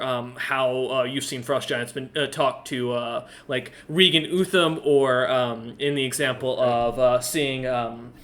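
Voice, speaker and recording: A man's voice: medium pitch, a bit bright. A man narrating as game master in a tabletop game, hesitant with many fillers. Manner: hesitant, lots of ums and uhs.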